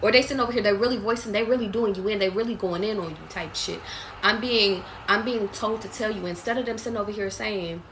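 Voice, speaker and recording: A woman's voice: medium pitch, quick pace, a bit bright, a little hiss or hum. A woman reading tarot live for her viewers, blunt and profane, calling them baby. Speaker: tarot reader. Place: away from home.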